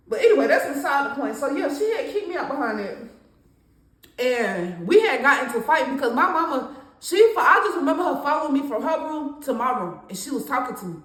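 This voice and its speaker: A young woman tells a personal story in a candid, conversational way. Her voice sits a little high. The recording has a noticeable room echo. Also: expressive, a little fast, a bit bright. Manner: candid, conversational, with laughs and slang. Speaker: storytime vlogger. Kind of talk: casual storytime monologue.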